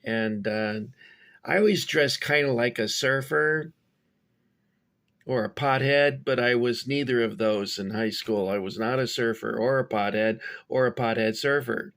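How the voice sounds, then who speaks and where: A middle-aged man casually showing his toy figures and rambling off on tangents with many pauses. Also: mid-range voice, a bit bright. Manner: rambling, digressive, many fillers. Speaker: toy collector reviewing figures. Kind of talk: casual show-and-tell.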